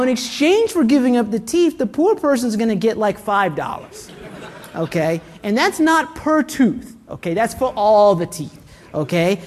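A woman's voice: mid-range voice, darkish tone. A woman doing a stand-up comedy routine in a sarcastic, punchy way, tagging her jokes with "okay?" and "right?". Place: comedy venue with live audience.

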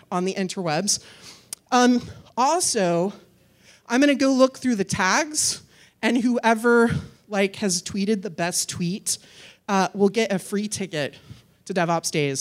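A woman giving a conference talk and answering audience questions in a chatty, upbeat way, often using "like". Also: mid-range voice. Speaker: conference speaker.

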